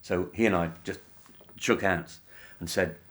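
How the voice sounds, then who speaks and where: Deep-voiced man telling wry anecdotes. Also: steady tone, fairly bright tone. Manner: wry, measured, with many fillers. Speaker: interviewee, band member. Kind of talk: anecdotal interview storytelling.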